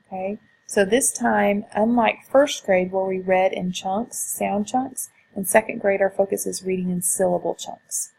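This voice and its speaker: A woman's voice: medium pitch, measured pace, vocal fry, darkish tone, a little hiss or hum, poor audio. A woman teacher walking through her lesson slides, explaining how she uses them, with frequent fillers. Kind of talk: screen-recorded teaching walkthrough.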